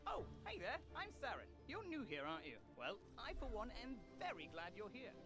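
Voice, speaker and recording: A friendly young wizard in a fantasy game, welcoming and cheerful, with a voice that leaps up and down. Clear game music plays behind. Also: medium pitch, wildly swooping pitch, fairly quick. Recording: quiet game audio with music.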